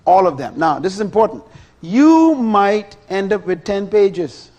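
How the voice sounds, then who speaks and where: Middle-aged male preacher, animated sermon, rhetorical questions, lively pitch. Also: a little slow.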